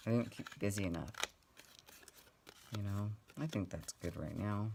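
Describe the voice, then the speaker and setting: A woman's voice: rumbling low, unhurried, pauses often, darkish tone. A middle-aged woman chatting casually as she crafts at home, rambling and laughing often. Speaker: craft vlogger. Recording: clear rustling and clicking noise.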